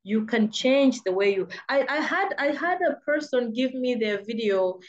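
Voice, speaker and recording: The same kind of motivational talk comes from a Malawi-born freelancing coach whose accent sounds British; she's emphatic and repeats words for stress. Her fairly high voice is lively and at normal speed, with the highs cut off and a little hiss or hum.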